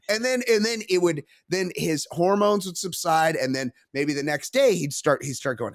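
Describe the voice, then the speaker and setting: A man co-hosting a crude comedy sports podcast, animated and breaking into silly voices. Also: fairly high pitch, moderate pace, few pauses, no room sound, studio quality. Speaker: podcast co-host.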